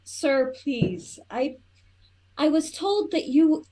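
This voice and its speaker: A nervous young woman in a tabletop game calls out and begs for help, her voice lifted a little higher than usual, as a woman player puts her on. The tone is earnest and a bit anxious. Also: very animated, slow, warm tone, full character voice. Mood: pleading. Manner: pleading, nervous.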